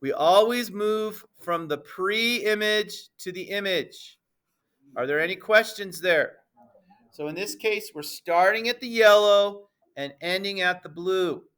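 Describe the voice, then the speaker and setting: A man teaching a middle school math class, playful and emphatic, addressing the students as ladies and gentlemen and checking often that everyone understands. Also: high-pitched, takes it slowly, clean tone.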